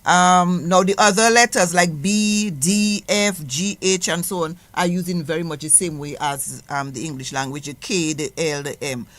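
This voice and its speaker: A woman's voice: on the low side, a bit bright, dry recording. Patient woman teaching sounds. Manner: slow, patient, repeats example words. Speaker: guest language teacher. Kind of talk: explaining pronunciation on radio. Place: radio studio.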